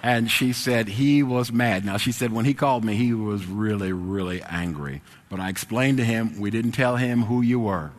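Animated male storyteller in a reverberant hall. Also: moderate pace, few pauses. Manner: animated, swings from low mumbles to loud excited exclamations. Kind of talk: personal anecdote told to an audience.

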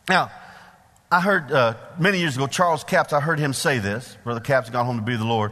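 A middle-aged male preacher giving a sermon in a church, folksy and animated, putting questions to the congregation. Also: fairly high pitch, a little fast. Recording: long hall reverb.

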